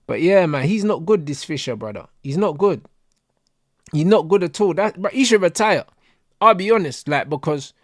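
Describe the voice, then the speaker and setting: A man's voice: fairly high pitch, dry recording, studio quality. A young man, chatting casually and animatedly in heavy slang as a stream host. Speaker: host of a football watch-along stream.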